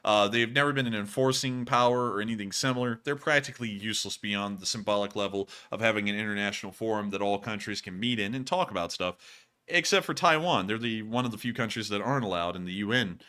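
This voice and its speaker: A man hosting a livestream Q&A, casual and quick to laugh, repeating the same sign-off phrases. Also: fairly low pitch, pushed and bright, smooth. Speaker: host.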